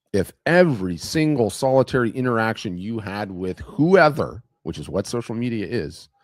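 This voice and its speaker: A man's voice: medium pitch, a little mellow, no echo, clean studio sound. A man hosting an art business talk, speaking emphatically to camera, going on tangents and repeating phrases for effect. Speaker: host of an art business webinar. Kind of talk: animated motivational talk to camera.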